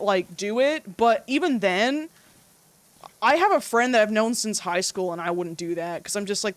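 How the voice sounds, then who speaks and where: A young woman streamer telling stories in casual livestream chat, animated, swearing freely and laughing often. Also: a little high, no room sound.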